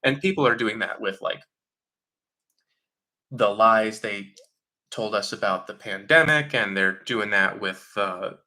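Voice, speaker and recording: A man's voice: fairly low pitch, unhurried, long pauses, pushed and bright. A man hosting a live question-and-answer stream, talking casually and with strong opinions, often mocking other people in quotes. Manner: opinionated, mocking voices in quotes, frequent fillers. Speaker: livestream host answering chat questions.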